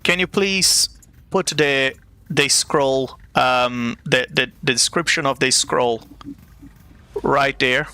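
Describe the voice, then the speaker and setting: Slow, bright-voiced man running a game. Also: mid-range voice, smooth, dry recording. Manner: playful, theatrical scene-setting. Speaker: game master. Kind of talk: narrating a live-play tabletop game.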